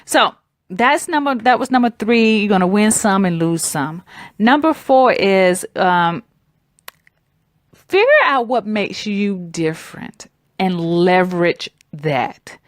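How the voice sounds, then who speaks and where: A woman's voice: mid-range voice, expressive, slow, dry recording, studio quality. A woman in her forties with a Southern US accent, talking conversationally and emphatically as a branding coach on her podcast. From Southern United States. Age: 40s. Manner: conversational and emphatic, addresses listeners as "guys". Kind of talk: casual solo podcast talk.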